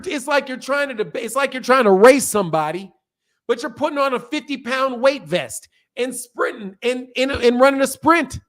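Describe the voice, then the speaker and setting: A man hosting a boxing channel, delivering a loud, profane, fired-up rant in casual stream talk, laughing between points. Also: extremely high pitch.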